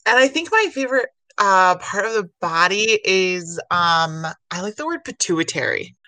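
A woman who works as an emergency physician assistant, telling stories in a casual podcast chat, animated and laughing often. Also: mid-range voice, normal speed, no room sound.

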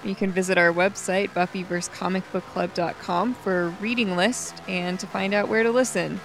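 A woman's voice: medium pitch, steady tone, moderate pace, soft background music. A woman co-hosting a podcast, recapping a comic in casual chat with unsure asides and easy laughs. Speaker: podcast co-host.

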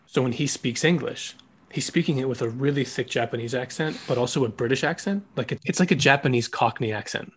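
A man's voice: mid-range voice, brisk, a little hiss or hum. A man hosting a podcast, talking casually and reflectively with a guest. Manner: talkative, reflective, many "like" fillers. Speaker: podcast host, former ballet dancer.

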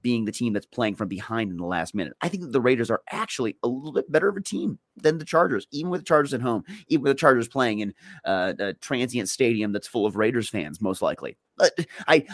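A fast-talking male co-host on a sports betting show runs through his picks with lively intonation and hardly a pause. His medium-pitched voice comes across clean and echo-free from the studio, and he's chatty, self-deprecating, and repeats words as he thinks.

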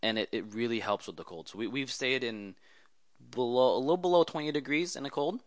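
A man's voice: medium pitch, a little fast, dry recording, studio quality. A man talking as a guest in a casual interview, telling rambling stories in a chatty way. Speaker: guest, automotive photographer.

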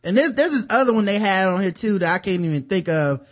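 A man's voice: sits high, fast talker. A man co-hosting a podcast, chatting casually and cracking opinionated jokes. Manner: animated and opinionated, jokey. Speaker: podcast co-host. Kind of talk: casual chat.

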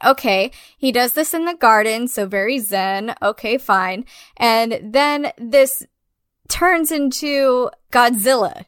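A woman's voice: on the high side, takes it slowly, fairly bright tone, clean tone, dry recording, clean studio sound. A woman co-hosting a casual film review chat, blunt and sarcastic, swearing often. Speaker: podcast co-host.

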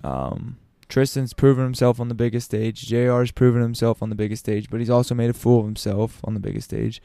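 A man's voice: medium pitch, flat delivery, a little fast, creaky, warm tone, no room sound. A man talking casually to his audience as a commentator, opinionated, with frequent ums and restarts. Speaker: sports commentator. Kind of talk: casual basketball talk.

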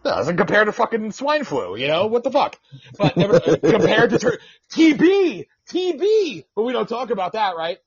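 A man's voice: high-pitched, very animated, moderate pace. A man hosting an independent radio show, ranting and teasing his co-host in casual, profane talk. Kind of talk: casual podcast rant. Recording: dull lo-fi sound.

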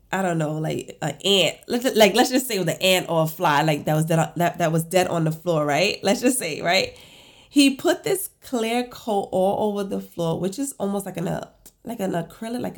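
A woman hosting her own show, telling a personal story in a casual, chatty way with lots of fillers. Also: on the low side. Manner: chatty, many fillers, animated retelling; self-described emotional and empathetic. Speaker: podcast host.

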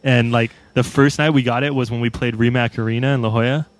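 A man's voice: mid-range voice, fairly even intonation, quick pace, dry recording. A man who plays in a band talks in a laid-back, profane, self-mocking way during a casual chat. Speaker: band member.

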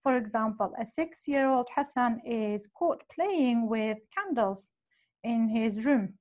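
A woman's voice: a little high, lively intonation, slow pace, darkish tone. A woman hosting a religious parenting talk, speaking earnestly and instructively and addressing her listeners directly. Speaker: podcast host and parenting speaker.

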